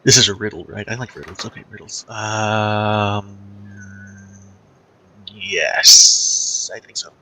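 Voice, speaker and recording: A man's voice: on the low side, slow, pauses often, sharp tone, a little hiss or hum, full character voice. A man voicing an eager, bouncy male copper dragon who loves riddles and puns. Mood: delighted. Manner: eager, bouncy, joke-telling.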